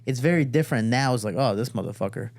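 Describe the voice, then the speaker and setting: A man's voice: mid-range voice, fast, darkish tone, no echo. Swearing storyteller man, dry studio sound. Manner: profane, acts out quoted voices. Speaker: podcast host and fighter. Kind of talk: casual storytelling.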